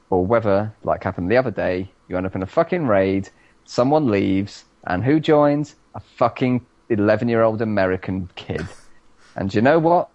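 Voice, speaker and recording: A man's voice: on the low side, darkish tone, no echo, lo-fi sound. Sweary ranting british man. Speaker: podcast co-host. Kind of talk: casual chat.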